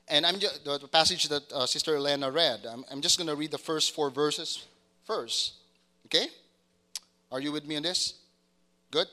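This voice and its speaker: A man gives a sermon to his congregation in a bright, ringing, somewhat high voice. He repeats his words, stops and starts again, and keeps asking whether the listeners follow him. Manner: repeats words and restarts, asks congregation to confirm. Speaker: pastor.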